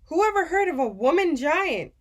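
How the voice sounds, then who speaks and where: A woman doing a booming, drawn-out old giant. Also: lively intonation, close to an everyday voice. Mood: musing. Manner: booming, drawn-out, ungrammatical folksy speech. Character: very old kindly male giant who jumbles words. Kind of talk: audiobook reading.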